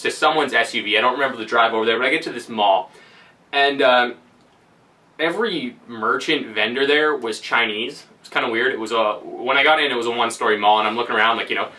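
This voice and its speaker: A man's voice: mid-range voice, bright, forceful tone, distant mic. A man casually telling a story, rambling and laughing, with lots of fillers. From Canada. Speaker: vlogger.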